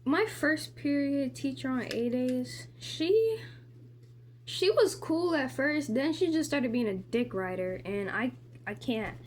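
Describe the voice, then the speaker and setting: High-voiced teen girl ranting casually. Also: a little mellow, slight background noise. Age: teenager. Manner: rambling, profane, heavy use of "like"; indignant ranting. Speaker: vlogger. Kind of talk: casual get-ready-with-me storytime.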